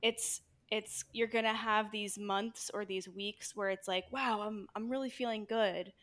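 Woman guest, nurse and yoga teacher, mid-pitched everyday voice, candid and casual, swears freely. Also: fairly even intonation, unhurried, a bit bright. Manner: candid and frank, swears casually, talks in loose run-on phrases. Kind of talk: casual conversational interview.

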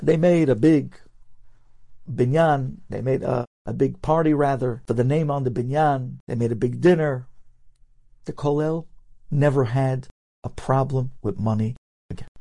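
A man telling a story with lively energy, acting out the characters' lines with sudden jumps in his voice. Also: medium pitch, unhurried, creaky. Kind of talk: animated storytelling.

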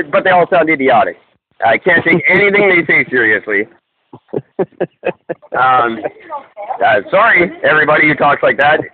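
A Canadian man co-hosting a podcast, talking in a wry, opinionated, rambling way with lots of fillers. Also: fairly high pitch. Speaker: podcast co-host. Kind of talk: casual banter. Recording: tinny lo-fi line with faint hiss.

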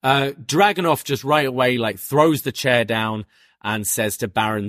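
A man co-hosting a podcast, who recaps the show in a casual, animated storytelling way. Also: medium pitch, a little slow, no echo, studio quality. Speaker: podcast co-host. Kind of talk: casual wrestling review chat.

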